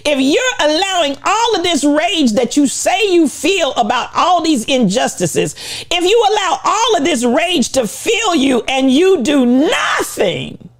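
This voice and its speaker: A woman giving an impassioned motivational talk, preaching with repetition and rising to shouts. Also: high-pitched. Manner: preaching, repetitive, call-and-response. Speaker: motivational speaker.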